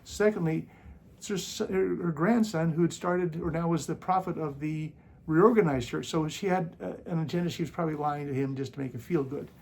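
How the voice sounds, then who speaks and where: A man talks straight to camera for his channel, his voice gravelly with a husky, rough edge. He argues against critics in a sarcastic, mocking tone and breaks off to cough now and then. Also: on the high side, brisk, a little mellow. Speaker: YouTube channel host. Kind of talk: casual commentary.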